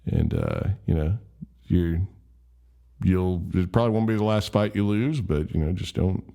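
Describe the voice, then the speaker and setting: Matter-of-fact, weary father , put on by a man, low and plain. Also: big pitch swings, moderate pace, vocal fry, warm tone, full character voice. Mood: calm. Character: tired, matter-of-fact father after work.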